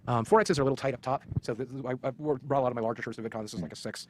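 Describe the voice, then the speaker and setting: A man's voice: mid-range voice, very fast, noisy background. A man being interviewed, answering candidly and telling stories in a blunt, profane way. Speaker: interview guest. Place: convention interview setting.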